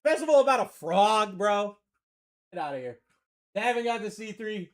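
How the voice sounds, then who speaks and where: Excitable high-voiced man with a Maine accent. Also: normal speed. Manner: energetic, shouts big pulls, slangy banter. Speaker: card-breaking livestream host. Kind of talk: excited live sales commentary.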